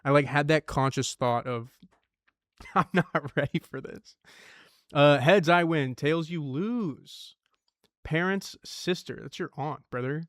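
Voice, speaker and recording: Young guy slowly mumbling his way thru word puzzles, swears a lot, smooth clear voice, dry close sound. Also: on the high side, dry recording. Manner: thinks aloud, swears, mutters clues to himself. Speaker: streamer. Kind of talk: casual puzzle-solving stream.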